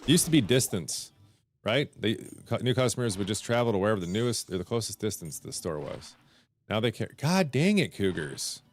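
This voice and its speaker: A man's voice: fairly low pitch, lively intonation, quick pace. A man streaming casually, telling a long story and acting out both sides of his phone calls. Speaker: Twitch streamer.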